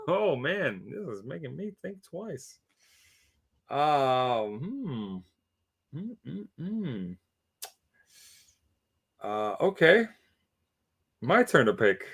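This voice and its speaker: A man co-hosting a casual podcast of wrestling predictions, talking in an animated way with theatrical reveals. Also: medium pitch, extremely slow, creaky, pauses often, breathy edge. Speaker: podcast co-host.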